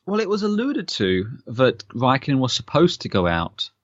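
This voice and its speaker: A man's voice: mid-range voice, wildly swooping pitch, normal speed, no echo, muffled recording. A man co-hosting a podcast, chatting casually and laughing often. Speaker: podcast co-host. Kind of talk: casual chat.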